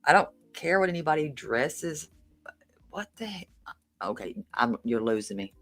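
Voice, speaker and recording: A woman's voice: sits low, expressive, normal speed, fairly bright tone, soft background music. A woman from Tennessee with a Southern accent, streaming live and reacting to a video with incredulous exclamations and frequent swearing. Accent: Southern American.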